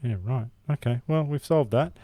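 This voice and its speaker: A man's voice: mid-range voice, moderate pace, warm tone, slight background noise. A man co-hosting a comedy podcast, rambling and mock-outraged, laughing along. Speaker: podcast co-host. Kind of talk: casual comedic podcast chat.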